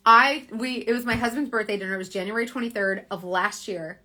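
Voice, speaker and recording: A direct sales team leader talks into her phone during a social media livestream, rambling motivationally with plenty of "like" and self-corrections. Her slightly high voice holds a steady tone, brisk with few pauses, bright and forceful.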